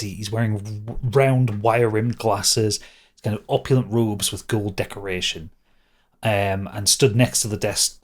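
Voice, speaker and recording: A man narrating a tabletop game as game master, describing scenes in a loose, rambling way. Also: lowish voice.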